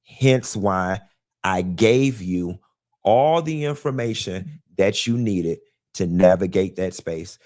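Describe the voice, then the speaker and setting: A man giving a commentary monologue, laying out his argument point by point in a measured way. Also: low-pitched, lively intonation, a little mellow. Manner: deliberate, measured, argues point by point. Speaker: show commentator.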